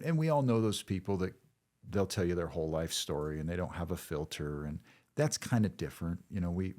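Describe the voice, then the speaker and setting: Deep, husky middle-aged man, thoughtful. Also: a little mellow. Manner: thoughtful, measured, with frequent restarts. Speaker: guest, former counselor. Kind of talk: casual conversation.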